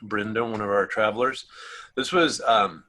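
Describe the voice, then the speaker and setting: A man hosting a casual virtual travel presentation over a video call, friendly and relaxed with easy laughs. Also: on the low side, moderate pace, poor audio. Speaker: travel agency host.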